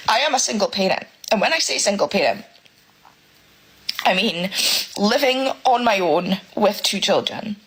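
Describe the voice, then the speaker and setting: Husky woman, exasperated rant. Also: mid-range voice, a bit bright, low-quality recording. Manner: exasperated, swears often. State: close to tears. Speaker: working single parent. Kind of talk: emotional rant to camera.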